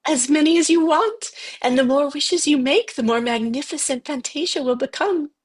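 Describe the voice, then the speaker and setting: A woman reading the part of a gentle, wise young empress in a table read, with a soft, calm and encouraging way of speaking. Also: sits high, moderate pace, lightly acted.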